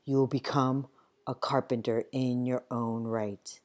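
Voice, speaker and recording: A woman reading the part of a wounded, feverish army captain who speaks slowly and gravely. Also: rumbling low, little pitch movement, a little mellow. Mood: weary, grave. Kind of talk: audiobook character reading.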